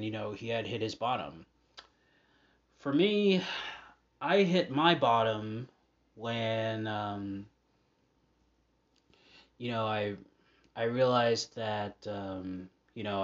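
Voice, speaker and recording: A man hosting a podcast, talking casually in a halting way with many fillers and restarts. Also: on the low side. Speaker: podcast host. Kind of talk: casual monologue. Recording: dull lo-fi audio.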